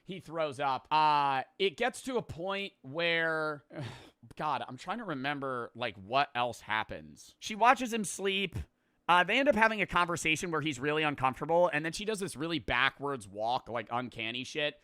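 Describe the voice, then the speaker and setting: A man's voice: a little high, animated, normal speed, pushed and bright, clear, resonant tone, no room sound, studio quality. A man hosting a podcast, rambling through a profane, casual plot recap full of filler words. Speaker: podcast host. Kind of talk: casual storytelling.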